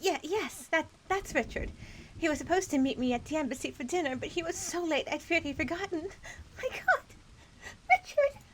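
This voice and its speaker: A woman's voice: sits high, expressive, normal speed, slight background noise, pitched above the performer's own voice. A woman voicing a grieving young widow with melodramatic, old-fashioned stage acting. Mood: tearful.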